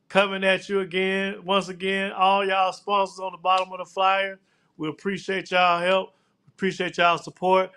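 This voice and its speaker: A man's voice: sits high, monotone, pushed and bright, smooth. A man hosting a live show, chatting loosely and tossing in "man" and "look here" all the time. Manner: casual, drawn-out, repeats "man" and "look here". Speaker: host.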